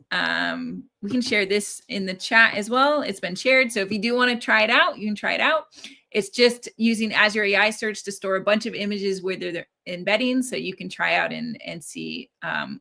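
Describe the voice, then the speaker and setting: Upbeat woman in her thirties, live coding teacher, crisp clear voice, keeps checking in with "right?". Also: mid-range voice, lively intonation, moderate pace, sharp tone. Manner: chatty, upbeat, often tags "right?". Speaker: developer advocate teaching a live stream.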